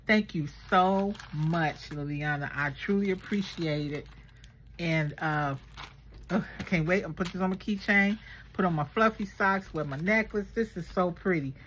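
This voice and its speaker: An excitable woman gushes her way through an unboxing. She talks slowly in a lowish voice. A faint hum of room noise sits behind her. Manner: gushing, excitable, talks to viewers as girl and y'all. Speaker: craft vlogger unboxing swap gifts. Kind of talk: casual unboxing chat.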